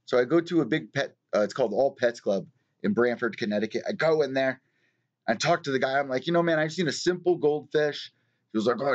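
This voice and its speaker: Host, male, mid-pitched, swears freely and wanders off topic, muffled stream audio. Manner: profane, rambling storyteller. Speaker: host of a live news show. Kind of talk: casual live-stream chat.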